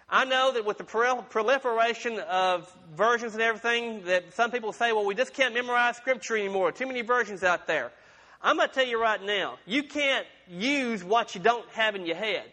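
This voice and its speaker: Man preaching a folksy sermon, high voice, long reverb in a church. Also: bright, forceful tone. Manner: folksy, conversational preaching with humorous asides. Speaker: pastor. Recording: long reverb of a large room.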